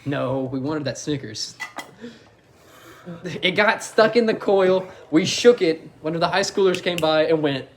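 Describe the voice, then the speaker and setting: A man's voice: on the high side, a little slow. A young man co-hosting a podcast, telling a crude story among friends and laughing through it. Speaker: podcast co-host.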